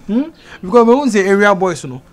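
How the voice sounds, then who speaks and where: A man's voice: high voice, expressive, a little fast. A man playing someone explaining his money troubles, with a Ghanaian accent, in a Ghanaian movie.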